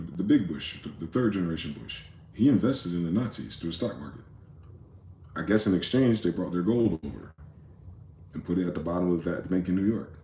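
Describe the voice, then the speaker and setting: A man's voice: low voice, dark tone, reverberant, slight background noise. A man hosting a rambling late-night monologue, profane and conspiratorial in tone, with many asides. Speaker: host.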